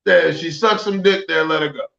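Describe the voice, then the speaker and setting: A man's voice: a little high, moderate pace, vocal fry, a bit bright, lo-fi sound. A man co-hosting a podcast in casual chat, crude and joking and given to rambling. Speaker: podcast co-host.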